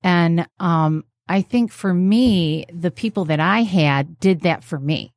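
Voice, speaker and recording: A woman from New tells stories in a low, grounded voice. She is blunt and animated, swears freely and acts out the people she quotes. The sound is close and dry, with no room at all. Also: slow, no room sound. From New York State. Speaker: therapist guest. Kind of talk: casual podcast chat, storytelling.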